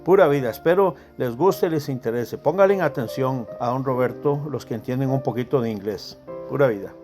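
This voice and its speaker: A man's voice: mid-range voice, fast talker. A man from Costa Rica with a Costa Rican accent, a tour guide greeting his group in an upbeat, friendly vlog intro. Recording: faint background music. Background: music.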